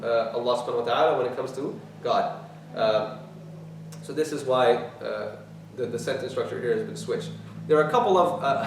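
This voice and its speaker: A man teaching as an imam, explaining scripture in a lecture, repeating key words and reciting quickly. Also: mid-range voice, slight background noise. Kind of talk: tafsir lecture. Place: mosque hall. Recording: very echoey hall, mic at a distance.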